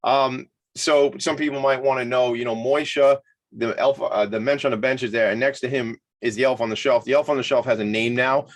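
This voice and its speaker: A man hosting a casual talk show with loud, hyped energy and a playful streak. His pitch sits mid-range, and he jokes around with his guests. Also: fairly even intonation, fairly quick. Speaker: host.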